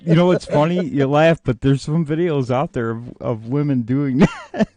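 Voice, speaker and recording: A man's voice: a little high, steady tone, normal speed, mellow, dry recording. Joking male livestream co-host. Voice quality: joking, laughs often. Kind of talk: casual chat.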